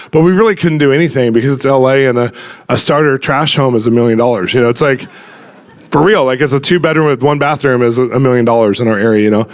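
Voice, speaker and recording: A man's voice: medium pitch, fast. A man preaching in a conversational, story-telling way, full of casual filler words. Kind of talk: conversational sermon.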